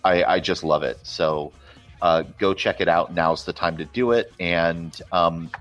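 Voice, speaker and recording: A man's voice: sits low, unhurried, fairly bright tone, dull audio, soft background music. A man co-hosting a casual movie podcast, talking enthusiastically and rambling with restarts. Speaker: co-host.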